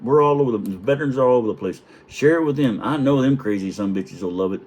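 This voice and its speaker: A middle-aged man, a retired Navy chief, telling profane, chuckling stories in a casual vlog and clearing his throat now and then. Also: mid-range voice, fast talker, darkish tone. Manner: profane, chuckling, rambling anecdotes.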